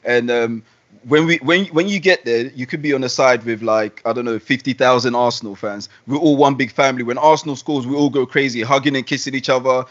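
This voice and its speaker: A man's voice: mid-range voice, brisk. A man hosting a podcast, asking long, loosely built questions in a casual interview. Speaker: podcast host. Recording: dull lo-fi audio.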